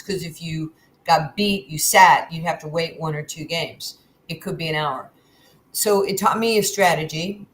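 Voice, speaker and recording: The speaker is a candid guest, a woman in her sixties from New York with a low-sitting voice, who animatedly recounts stories and voices the dialogue. It's a low-quality recording.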